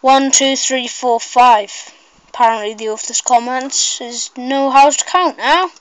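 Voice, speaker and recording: A woman giving casual, rambling gameplay commentary, excitable and shrieking at mishaps. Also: high-pitched, measured pace, a little hiss or hum, rough recording.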